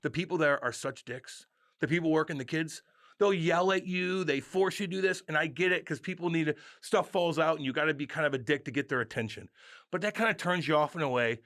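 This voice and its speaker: A man in his thirties from the St. Louis area, co-hosting a podcast and telling an animated story full of swearing and acted-out yells. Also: fairly high pitch, brisk, no room sound, clean studio sound. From St. Louis area, USA. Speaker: podcast co-host. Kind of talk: casual podcast chat.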